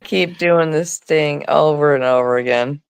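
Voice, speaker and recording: Gravelly, chatty middle-aged woman. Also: sits low, unhurried, dry recording. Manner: chatty storytelling, acts out quoted voices. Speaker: co-host. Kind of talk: casual live chat. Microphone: phone.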